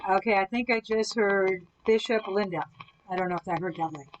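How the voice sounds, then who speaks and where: A woman hosting a live ghost hunting session, calmly asking the spirits questions from indoors at someone else's home. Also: mid-range voice, a little fast, lo-fi sound. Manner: calm, coaxing questions to spirits. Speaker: ghost hunter host.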